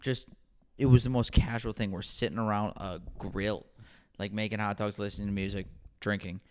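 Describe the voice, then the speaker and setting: A man's voice: lowish voice, normal speed, slight background noise. A man in his twenties, a podcast guest, casually telling stories, swearing and laughing as he goes. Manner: relaxed storyteller, swears, laughs. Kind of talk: casual chat.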